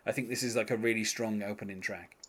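A man's voice: lowish voice, steady tone, fast talker, a bit bright. A man chatting casually as a podcast host, full of fillers and restarts. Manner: hesitant, many fillers and restarts. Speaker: podcast host reviewing music. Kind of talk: casual chat.

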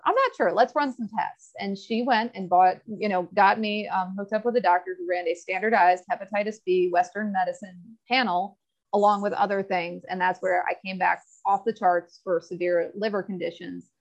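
A woman guest in a casual interview, telling her health story candidly with quick asides. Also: medium pitch. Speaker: podcast guest. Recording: slightly dull lo-fi audio.

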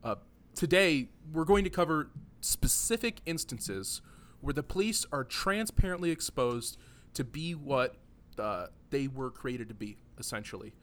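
A man's voice: medium pitch, expressive, unhurried, fairly bright tone. A man hosting a casual podcast, rambling and joking, often laughing between points. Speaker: podcast host.

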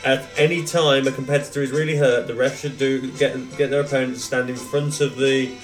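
A British man co-hosting a wrestling-fan podcast, reading out a list of rules at an ordinary middle pitch. He breaks off for quick joking asides. Faint music plays behind him. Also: level tone, rough recording. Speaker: podcast co-host. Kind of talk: casual chat, reading a memo aloud.

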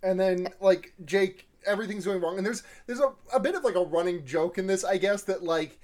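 A man's voice: high voice, brisk, darkish tone. A young man co-hosting a podcast, recapping a book in casual, rambling chat. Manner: rambling, heavy on fillers like 'like'. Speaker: podcast co-host.

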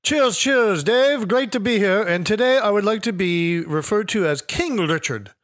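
A man's voice: high voice, expressive, moderate pace, a bit bright, no room sound. Joking male co-host, dry close sound. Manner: joking, playful. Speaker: podcast co-host. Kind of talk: casual podcast banter.

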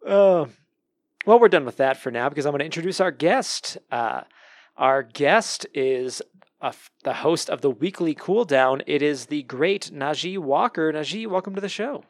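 A man's voice: fairly high pitch, expressive, moderate pace, dry recording, clean studio sound. A man hosting a podcast in casual chat, upbeat and jokey, laughing easily. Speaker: podcast host.

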